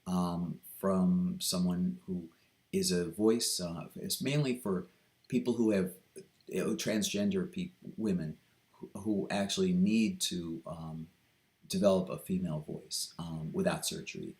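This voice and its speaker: A man talking through a reflective personal vlog, hesitant and earnest, with many pauses, ums and restarts. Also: low-pitched, steady tone, a little mellow. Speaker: vlogger.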